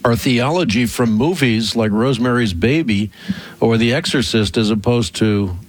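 A man hosting a radio call-in program, answering a caller in a measured, emphatic teaching manner that stretches out key phrases. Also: medium pitch.

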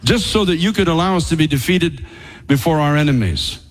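A man's voice: fairly high pitch, expressive, fairly quick, big-room sound, close to an everyday voice. A man voicing a despairing male leader who accuses God in prayer. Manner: pleading, accusing.

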